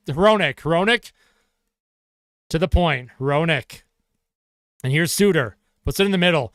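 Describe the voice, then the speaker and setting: High, bright-voiced excitable hockey play-by-play man. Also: smooth, no room sound, clean studio sound. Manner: excitable, shouts on goals, laughs at himself. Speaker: fan play-by-play commentator. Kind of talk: live hockey play-by-play reaction.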